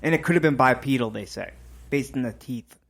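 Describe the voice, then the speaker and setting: A man's voice: mid-range voice, fairly quick, vocal fry, a bit bright. Man explaining, full of "um" and "like". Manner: explains facts with many fillers. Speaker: podcast co-host. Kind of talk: casual chat.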